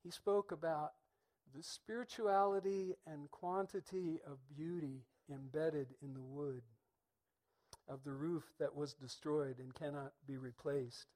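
A man's voice: fairly high pitch, steady tone, darkish tone. Reflective middle-aged man preaching a sermon. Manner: thoughtful, measured, with pauses.

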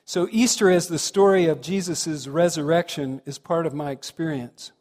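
A fairly high-voiced man preaches a thoughtful, conversational sermon. He turns questions back to the congregation as he goes. His voice carries a long reverb from the hall. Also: normal speed, a little mellow. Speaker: minister.

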